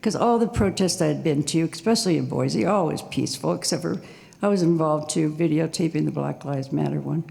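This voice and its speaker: An older woman with a heavily gravelly, mellow voice tells a true story live on stage. She sounds nervous and halting, and the sound rings with the long reverb of a performance hall. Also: deep voice. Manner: nervous, halting, with small laughs.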